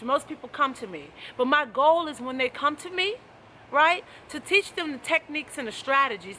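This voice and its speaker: A woman's voice: high-pitched, sharp tone, a little hiss or hum. A woman life coach giving an emphatic, preachy motivational talk to camera, repeating her key phrases.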